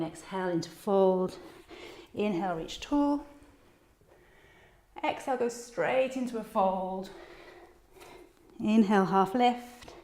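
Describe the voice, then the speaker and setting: A woman teaching a yoga class, calmly and encouragingly cueing each breath and movement, at times slightly out of breath. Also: medium pitch. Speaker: yoga instructor. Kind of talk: guided yoga class instruction. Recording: echoey room.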